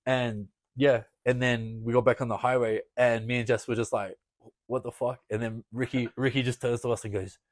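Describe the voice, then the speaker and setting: A wrestler guest on a podcast, telling a story casually, swearing often and laughing between lines. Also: male voice, medium pitch, little pitch movement, fairly quick, few pauses, no echo. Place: podcast studio.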